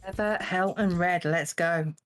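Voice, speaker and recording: A woman hosting a live charity stream in relaxed, casual chat. She speaks slowly and is easily amused, laughing often. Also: fairly low pitch, faint music behind. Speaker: stream host acting as the show's judge.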